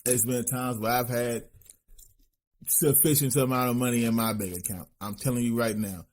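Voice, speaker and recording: A man's voice: mid-range voice, normal speed. Man casual profane podcast host. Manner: animated, profane, riffing with mock voices.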